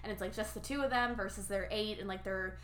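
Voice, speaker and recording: Bright-voiced chatty woman. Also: medium pitch, fast, reverberant. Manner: animated, filler-heavy, acts out quotes. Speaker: podcast co-host recapping a film. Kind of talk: casual chat.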